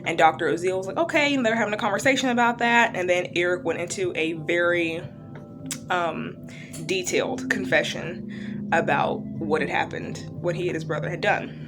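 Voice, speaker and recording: Woman, lowish voice, casual reaction vlog, chatty and rambling, faint music underneath. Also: normal speed. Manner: chatty, loose, lots of fillers and "like". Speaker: true-crime reaction vlogger. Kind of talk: casual retelling of a TV series.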